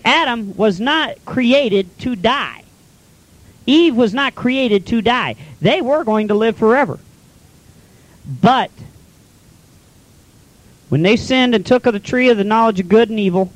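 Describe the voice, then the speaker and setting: Folksy man, preacher, high voice, dry close sound, casual scripture retelling. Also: no echo, poor audio. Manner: colloquial, paraphrases scripture in plain talk. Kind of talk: folksy sermon.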